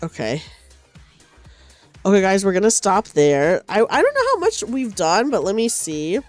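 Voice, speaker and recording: A woman streamer chatting casually while knitting at home, sleepy and low on energy, rambling and correcting herself as she goes. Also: big pitch swings, moderate pace, faint music behind. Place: at home on a couch.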